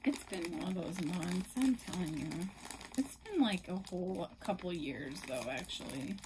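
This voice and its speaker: A young adult woman gushing in a casual unboxing vlog, emotional and effusive, at times dropping to a soft whisper. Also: lowish voice, lively intonation, takes it slowly, long pauses, very noisy. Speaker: reborn doll collector vlogger.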